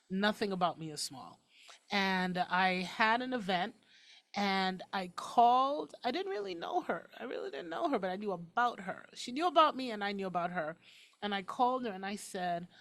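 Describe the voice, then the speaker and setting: A woman hosting a talk show, talking quickly and emphatically in a casual, outspoken way. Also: fairly low pitch, a bit bright.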